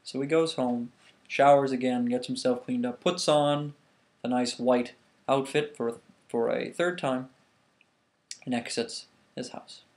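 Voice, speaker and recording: A man's voice: medium pitch, a little slow. Man animatedly retelling a myth. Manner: animated, with restarts. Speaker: vlogger. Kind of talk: casual storytelling.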